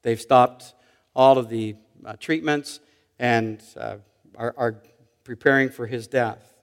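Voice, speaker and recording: A man preaching a sermon, telling stories and swinging between loud emphatic questions and hushed, quiet asides. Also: medium pitch, steady tone, slow. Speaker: pastor. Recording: long hall reverb.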